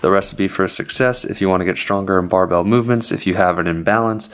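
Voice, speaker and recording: A young man explaining workout advice in a casual vlog, energetic and a little out of breath from excitement. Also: low voice, a little fast. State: slightly out of breath. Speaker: fitness vlogger.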